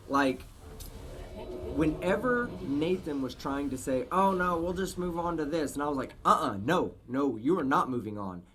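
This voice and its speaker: A man's voice: medium pitch, a little hiss or hum. Profane, emphatic male livestream host. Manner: profane, emphatic, shouts out supporters. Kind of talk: casual livestream chat.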